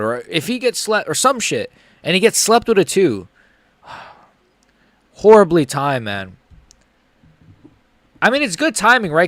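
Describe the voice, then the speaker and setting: A man with a slightly higher voice than most, streaming live reactions to fights. He rambles, swears freely and swings between highs and lows, recorded dry and close with no room sound. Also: fairly bright tone, no room sound. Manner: profane, rambling, emotionally swinging.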